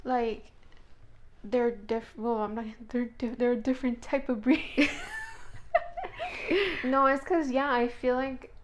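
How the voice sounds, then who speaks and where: A woman in her twenties from Las Vegas, co-hosting a casual podcast chat and telling stories with lively acted-out dialogue and frequent laughter. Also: on the high side, slow pace, pauses often, slight background noise. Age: 20s. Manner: animated storyteller, acts out quoted dialogue, laughs often. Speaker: podcast co-host.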